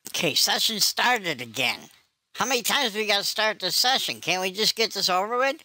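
Woman putting on a grumpy old guy, swearing, impatient, lively swooping voice, prank call. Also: mid-range voice, normal speed, no echo. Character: cranky foul-mouthed older man, scam victim. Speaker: scam baiter.

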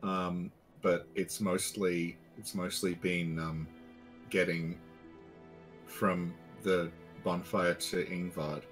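A man co-hosting a game stream, talking in a relaxed, rambling way with many fillers and dry, self-mocking humor. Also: deep voice, slow, faint music behind, poor audio. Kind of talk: casual stream chat.

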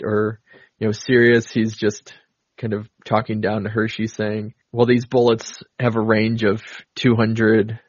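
A man's voice: fairly low pitch, dry recording. A man co-hosting a podcast in casual chat, retelling film scenes in a rambling way with many fillers. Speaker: podcast co-host. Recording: dull lo-fi dry sound.

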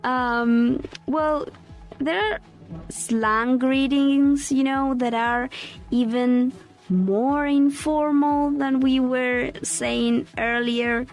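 Young female podcast co-host, slow and careful delivery, laughs easily, light music bed. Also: high-pitched, steady tone. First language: Spanish. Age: young adult. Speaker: student co-host. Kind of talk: casual podcast chat teaching English phrases.

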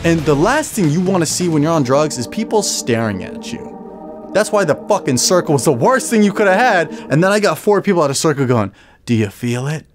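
A young male comedian telling a story with lots of swearing, jumping high in pitch for punchlines and acting out the people in it. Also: big pitch swings, music in the background. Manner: rapid, profane, jumps high for punchlines and acts out people. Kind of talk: animated comic storytelling.

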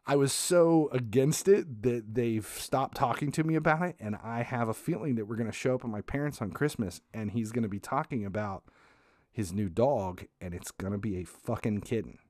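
A man hosting a podcast, telling a comic family story in a casual, animated way, swearing, restarting sentences and laughing as he goes. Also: mid-range voice, normal speed, dry recording, studio quality. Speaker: podcast host.

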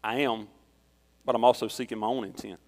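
A man preaching a sermon in a relaxed, conversational way, telling personal stories. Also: medium pitch, fairly quick. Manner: conversational, storytelling with personal anecdotes. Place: church. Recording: long reverb of a church hall.

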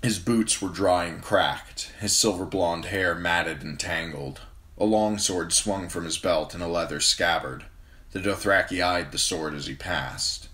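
Low-voiced male hobby reader, steady fantasy narration. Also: unhurried. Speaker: amateur audiobook reader. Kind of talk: reading a fantasy novel aloud.

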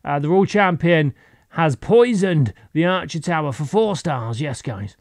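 Male gaming host, joking commentary, raised pitch, dead-dry close mic. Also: expressive, measured pace, no room sound. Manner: playful, rambling, goofy asides.

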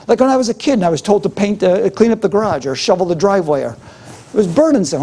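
A man's voice: high voice, big pitch swings, fast, dark tone. A middle-aged man preaching a sermon as pastor, with a fervent, repetitive preaching cadence.

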